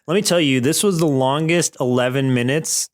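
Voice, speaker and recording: A man's voice: a little high, normal speed. A man co-hosting a podcast, chatting casually with wry amusement and frequent laughs. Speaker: podcast co-host. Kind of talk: casual chat.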